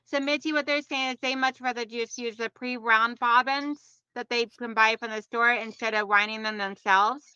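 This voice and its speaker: A woman's voice: fairly high pitch, fairly even intonation, moderate pace, hardly any pauses, sharp tone, clear, resonant tone, no echo, muffled recording. A woman hosting her own livestream, chatting casually and playfully with friends and viewers. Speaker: livestream host. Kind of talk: casual chat on a sewing livestream.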